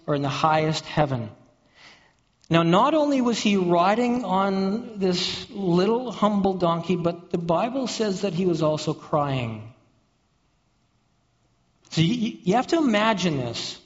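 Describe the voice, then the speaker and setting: Man, high voice, preacher, sermon, storytelling, repeats words, dull lo-fi sound, long church-hall reverb. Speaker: pastor.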